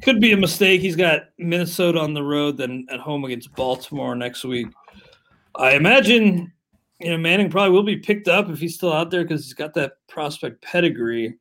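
A man co-hosting a sports podcast in casual chat, moving briskly through the rundown in a conversational way. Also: on the high side, lively intonation, fairly bright tone. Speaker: podcast co-host.

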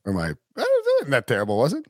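A man's voice: mid-range voice, wildly swooping pitch, fast talker, darkish tone, no room sound. A man hosting a casual sports podcast, talking in a rambling way with lots of fillers. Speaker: podcast host.

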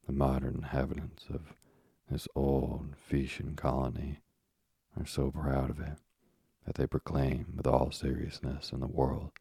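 A man narrating an audiobook in a measured, steady manner. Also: very deep voice, vocal fry, breathy edge, dry recording, studio quality.

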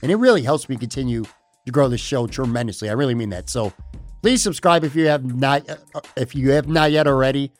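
A man's voice: medium pitch, a little fast, soft background music. A man hosting a sports podcast, signing off in a chatty, upbeat way and repeating himself often. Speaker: podcast host. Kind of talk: casual podcast outro.

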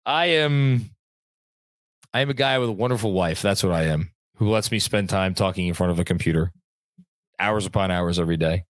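Sitting at a computer in his home room, this young man runs a laid-back sports livestream, rattling through viewer comments at a brisk clip. His voice sits low with no echo, and he chats loosely, cursing now and then.

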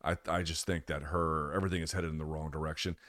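A podcast host with a very low, deep voice goes through his picks in a loose, rambling live chat, speaking fast in a level, fairly bright tone. He corrects himself often and swears freely, and the close, dry sound has no echo or room around it.

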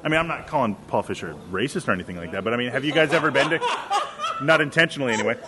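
A man's voice: medium pitch, lively intonation, rapid-fire, very noisy. A man trading sardonic quips as a guest on a convention panel. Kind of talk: joking panel banter.

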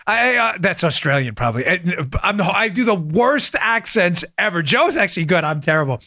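Male political podcast host, chatty and keyed-up, crisp tense tone, dead-dry booth. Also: sits high, a little fast, hardly any pauses, dry recording. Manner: animated, chatty, talks over clips. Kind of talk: political commentary show.

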